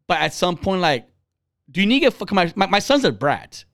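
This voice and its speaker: A man hosts a casual podcast, his voice sitting a little high for a man. He talks bluntly and swears often, getting heated and animated as he tells his stories. The sound is close and dry, with no room echo. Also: brisk. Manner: profane, blunt storytelling. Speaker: podcast host. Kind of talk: casual chat.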